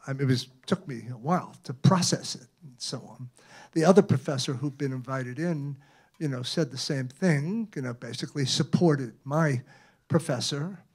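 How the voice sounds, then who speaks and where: A man's voice: medium pitch, moderate pace, husky. An elderly man in his eighties from Brooklyn, an author giving an anecdotal public talk in a library, conversational and checking in with the audience often. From Brooklyn, New York. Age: 80s. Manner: conversational, tags many phrases with "right?". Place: library event room.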